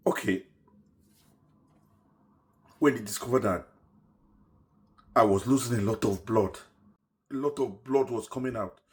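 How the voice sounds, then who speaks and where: A middle-aged man telling his own story in an earnest, emotional way, often dropping to a hushed voice. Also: medium pitch, a little slow, long pauses. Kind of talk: personal story told to camera.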